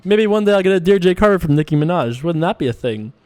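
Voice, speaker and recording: A man's voice: sits high, animated, quick pace, darkish tone. A man casually commentating his own online poker session, joking and laughing often. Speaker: poker streamer.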